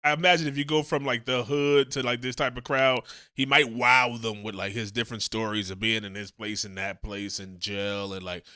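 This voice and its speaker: A man hosting a casual reaction commentary show, animated and speculative, swearing freely as he talks. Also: medium pitch, normal speed, hardly any pauses, smooth. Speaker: YouTube commentary host.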